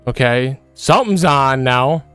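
A man's voice: medium pitch, animated, measured pace, fairly bright tone, clear, resonant tone, dry recording, soft background music. A man commenting as he plays a horror game, jittery and repeating himself, breaking into frightened yelps. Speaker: gaming video creator.

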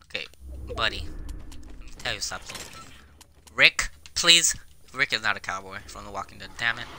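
A young man giving casual, excitable gameplay commentary on his own video, swearing often and jumping between loud outbursts and quiet mumbles. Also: lowish voice, moderate pace, a little hiss or hum. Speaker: gaming video creator. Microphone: camera on face while playing.

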